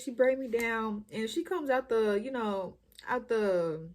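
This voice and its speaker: A woman's voice: fairly high pitch, moderate pace, hardly any pauses. A young woman, chatting casually and animatedly as she tells a story-time vlog. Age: young adult. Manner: chatty, slangy, animated retelling. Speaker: YouTuber.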